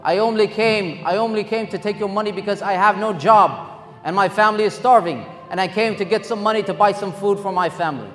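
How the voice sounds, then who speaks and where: A man's voice: high voice, a little fast, natural voice. A man voicing a desperate male robber who pleads and later speaks with gratitude, in an earnest way. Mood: pleading. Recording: long hall reverb, faint music.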